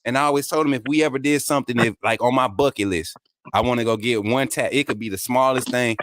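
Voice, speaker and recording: A man hosting a casual interview, talking in a joking, lively way. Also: medium pitch, quick pace, a little hiss or hum. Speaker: host.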